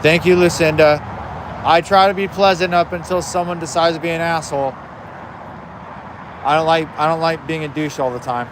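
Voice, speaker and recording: A man's voice: fairly high pitch, steady tone, normal speed, pauses often, noisy background. A man hosting a casual livestream outdoors beside his smoker, chatting bluntly with viewers and swearing freely. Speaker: livestream host.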